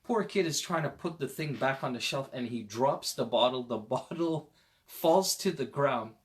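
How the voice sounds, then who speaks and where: Animated male Islamic teacher, mid pitch. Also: normal speed. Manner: animated storyteller, swings between loud emphasis and quiet asides; conversational, addresses parents directly. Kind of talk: parenting lecture on a Quran verse.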